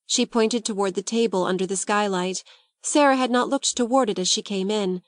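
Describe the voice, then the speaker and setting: A woman narrating a classic novel as an audiobook, in a measured, gentle storytelling manner. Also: medium pitch, dry recording, studio quality.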